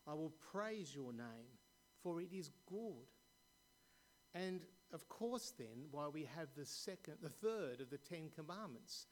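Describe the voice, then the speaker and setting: A man preaching a sermon, reading scripture aloud and asking the congregation questions, his voice dropping softly at the ends of verses. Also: fairly high pitch, lively intonation. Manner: slow, deliberate preaching with pauses and questions to the congregation. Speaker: pastor.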